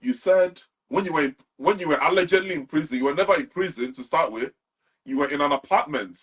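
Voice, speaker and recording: A man's voice: a little high, brisk, fairly bright tone, husky. A young man with a Nigerian accent, talking animatedly as an interview guest and mixing Pidgin with English. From Nigeria, Anambra. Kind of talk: casual interview talk.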